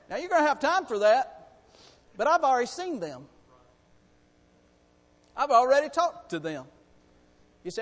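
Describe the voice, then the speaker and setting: A man with a very high voice preaches a sermon, excitable and full of fervor. He swings between soft, chatty asides and loud, exclaiming bursts. His voice rings with the long reverb of a church sanctuary. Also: normal speed, long pauses. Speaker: pastor.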